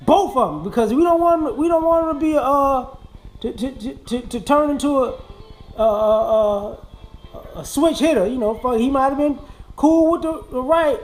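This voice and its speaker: A man casually telling a profane, comic story, animated and swearing freely. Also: very high voice, poor audio.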